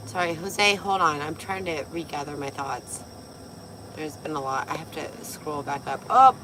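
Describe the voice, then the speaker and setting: A young woman with a raspy voice, tipsy and chatting casually on a livestream, loose, giggly and swearing. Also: deep voice, background noise. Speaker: vlogger.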